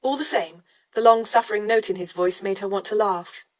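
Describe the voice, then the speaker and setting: Woman narrator, audiobook, steady measured read, mid pitch. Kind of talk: scripted narration.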